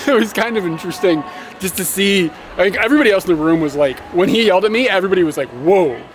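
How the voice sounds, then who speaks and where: A young man with a fairly high voice tells a story outdoors in a casual travel vlog. He talks in an animated way, swearing and laughing between complaints. Faint street noise sits behind him. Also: racing. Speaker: motovlogger.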